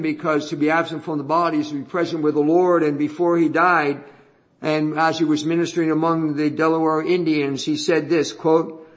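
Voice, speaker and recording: A male preacher with a high voice delivers an expository sermon. He talks earnestly, repeats his key phrases for emphasis and slows down when he reads scripture aloud.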